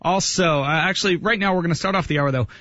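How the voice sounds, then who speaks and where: A man's voice: a little high, sharp tone, no echo, lo-fi sound. A man on a radio show reading promotional announcements and previewing upcoming segments. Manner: brisk, promotional. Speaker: radio host.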